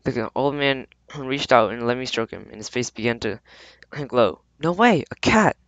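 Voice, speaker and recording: A man reading a storybook aloud with halting restarts and frequent throat clearing. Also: medium pitch, a bit bright, dry recording, rough recording. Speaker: audiobook reader. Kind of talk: amateur audiobook narration.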